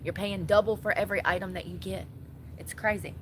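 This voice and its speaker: A woman's voice: mid-range voice, steady tone, a little fast, a little hiss or hum. A woman giving blunt, sassy casual commentary, laughing often.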